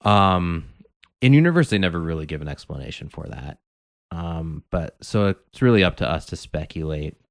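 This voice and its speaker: A man's voice: deep voice, expressive, normal speed, dry recording, clean studio sound. A man co-hosting a podcast, talking casually and rambling with many filler words. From Canada. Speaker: podcast co-host. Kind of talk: casual chat.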